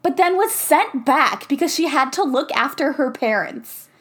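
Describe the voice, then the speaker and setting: A woman's voice: high-pitched, expressive, normal speed, a bit bright. A young woman co-hosting a podcast, casually recapping a movie with frequent laughs and fillers. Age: young adult. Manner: giggly, talks with many likes. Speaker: podcast co-host.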